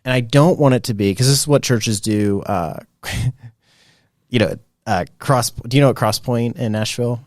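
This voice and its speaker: A man in his thirties hosts a podcast in loose, casual conversation. His voice sits at a middle pitch, and he bounces along with plenty of fillers and frequent laughs. The recording is dry and close. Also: moderate pace, dry recording. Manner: animated, chatty, laughs often, many fillers. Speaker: podcast host. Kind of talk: casual chat.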